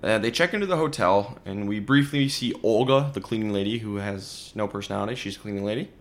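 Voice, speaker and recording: A man hosting a podcast, recapping a movie in a sarcastic, animated way. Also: fairly low pitch, quick pace. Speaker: podcast host. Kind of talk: casual movie review chat.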